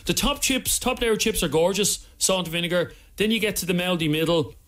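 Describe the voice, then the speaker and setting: A man's voice: high voice, fairly quick. Chatty Irish man on radio. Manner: chatty, animated storyteller. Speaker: radio co-host. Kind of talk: casual radio chat. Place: radio studio.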